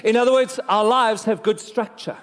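A male pastor preaching a sermon in a lively, joking way, talking straight to his congregation. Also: high voice, normal speed. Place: church. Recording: long reverb of a church hall.

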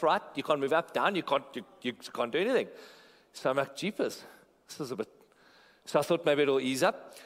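A man preaching a sermon as a pastor, telling a story in a playful way and joking with the congregation. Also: fairly high pitch. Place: large church auditorium. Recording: long hall reverb in a church auditorium.

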